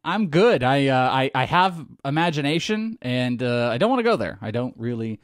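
A man co-hosting a sports podcast, reading an ad and bantering with his co-host in a loud, jokey, excitable way. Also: medium pitch, moderate pace, no echo, clean studio sound. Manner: loud, excitable, jokey, swings into goofy voices. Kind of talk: energetic podcast banter and ad read.

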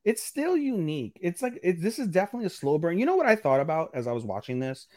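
A man co-hosting a casual podcast, recapping an anime episode with lively acted-out quotes and casual swearing. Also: high-pitched, fast, no room sound, clean studio sound. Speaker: podcast co-host. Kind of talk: casual anime review chat.

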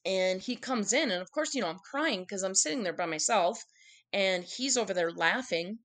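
A woman's voice: medium pitch, expressive, moderate pace, a bit bright. Candid woman telling a personal story. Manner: candid, emotional, acts out quotes. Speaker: guest telling her story.

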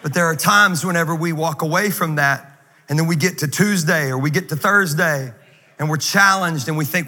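A man preaching a sermon in an energetic, joking, conversational way. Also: fairly high pitch, brisk. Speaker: guest pastor. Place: large church auditorium. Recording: reverberant hall, faint noise.

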